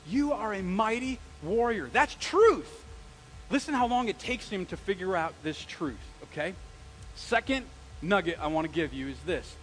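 High-voiced, animated preaching man. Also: slight background noise, poor audio. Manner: animated, conversational preaching with rhetorical questions and slang. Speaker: pastor. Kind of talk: sermon. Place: church sanctuary.

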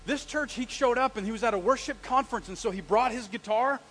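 A man, a pastor, preaching a live sermon, telling stories in an animated way and asking the congregation questions. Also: very high voice, fast, slight background noise, rough recording.

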